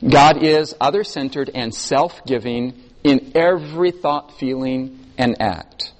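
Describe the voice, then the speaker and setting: A man preaching a sermon to a congregation, telling stories expressively and moving between emphatic and soft delivery. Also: medium pitch, slow pace. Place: church hall. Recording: long hall reverb.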